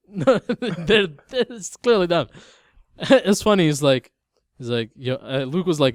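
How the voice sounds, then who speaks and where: A young man co-hosting a casual podcast, retelling a film scene by scene in a loose, animated way full of "like" and "yo" and frequent laughter. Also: on the high side, slow, no room sound, studio quality. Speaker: podcast co-host. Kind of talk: casual movie discussion.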